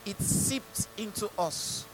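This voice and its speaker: A man's voice: sits high, expressive, slow, slight background noise, poor audio. A male pastor with a Nigerian English accent preaching a sermon, mimicking people and asking the congregation rhetorical questions.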